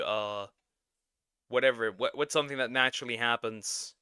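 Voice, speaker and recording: A young man streaming a reaction video, ranting loudly and swearing in exasperation. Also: mid-range voice, fairly quick, clean tone, no room sound, clean studio sound. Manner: loud, exasperated, swearing rant. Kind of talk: reaction commentary.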